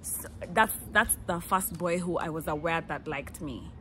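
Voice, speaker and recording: A Kenyan woman in her twenties, telling stories in a lively, playful way and acting out the people she quotes. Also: lowish voice, a little slow, slight background noise. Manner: animated, playful, laughs often, acts out quotes. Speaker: vlogger. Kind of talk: casual storytelling.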